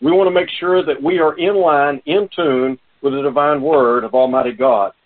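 A man preaching a sermon, his voice raspy from a cold, quoting scripture in a measured way. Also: fairly high pitch, steady tone. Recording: tinny phone-line audio.

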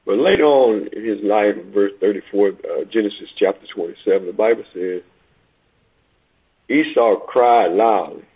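A man preaching a sermon and reading scripture aloud, slow and emphatic, repeating words and stretching key phrases. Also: on the low side, slightly rough. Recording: tinny phone-like recording.

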